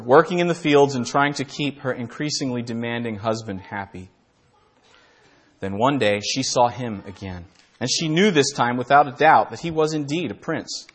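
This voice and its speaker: Man reading a parable in a sermon. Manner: reads with quiet, low-key storytelling, clearing his throat now and then. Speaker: Bible teacher. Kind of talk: sermon with a read-aloud story.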